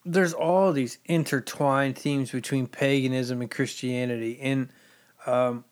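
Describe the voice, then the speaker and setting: A man's voice: medium pitch, fairly even intonation, a little slow. A man co-hosting a casual podcast chat, dropping wry, sarcastic asides between explanations. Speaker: podcast co-host.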